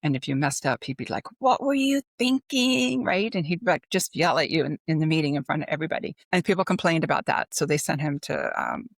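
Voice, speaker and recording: A woman's voice: low-pitched, quick pace, creaky, hardly any pauses, no echo. Chatty middle-aged woman, dry close sound. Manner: chatty, filler-heavy, animated retelling of anecdotes. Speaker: podcast guest, business consultant. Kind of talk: casual interview conversation.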